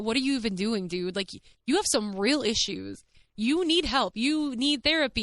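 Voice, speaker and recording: A woman hosting her own podcast, telling a personal story in a candid, casual way, animated and full of "like" and the odd swear word. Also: fairly high pitch, dry recording. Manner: frank, animated, heavy use of "like". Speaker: podcast host.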